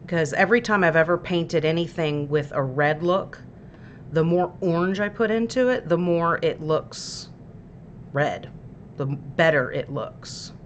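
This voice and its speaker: A woman's voice: deep voice, a little slow, slight background noise. A woman hosting a miniature painting livestream, explaining her paints in a chatty, easygoing way with plenty of fillers. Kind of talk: casual paint-along tutorial.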